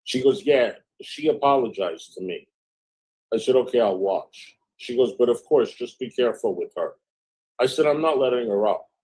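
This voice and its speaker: A man's voice: mid-range voice, animated, moderate pace, mellow, breathy edge, low-quality recording. A man hosting a livestream, reading out a long exchange of private messages with frequent "I said, she goes" narration and casual, profane asides. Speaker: livestream host.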